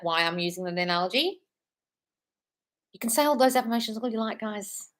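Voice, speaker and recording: Swearing, playful female manifestation coach. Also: mid-range voice. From United Kingdom. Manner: swearing, playful, calls viewers darling, reads comments aloud. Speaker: manifestation coach hosting a live stream. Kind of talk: casual live-stream chat reading comments.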